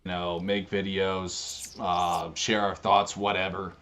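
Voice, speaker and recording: A man's voice: low-pitched, level tone, slow pace, fairly bright tone. A brash man ranting casually in his video, swearing and laughing as he talks. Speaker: online streamer.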